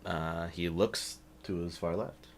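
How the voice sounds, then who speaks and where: Deep-voiced man as game master. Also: steady tone, slow, creaky, slight background noise. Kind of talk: narrating a tabletop game.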